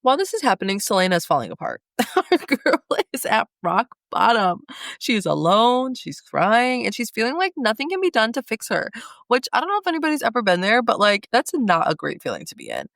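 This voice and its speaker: A woman's voice: on the high side, huge pitch swings, brisk, creaky, a bit bright, no echo. A young woman co-hosting a book podcast, recapping chapters with gushing asides and laughing as she gets emotional. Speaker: podcast co-host. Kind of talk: book recap podcast, reading passages aloud.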